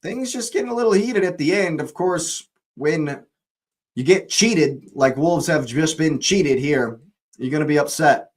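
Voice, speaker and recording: A man's voice: a little high, unhurried, poor audio. A young man hosting a live football watch-along, ranting angrily at the referee, swearing and repeating himself.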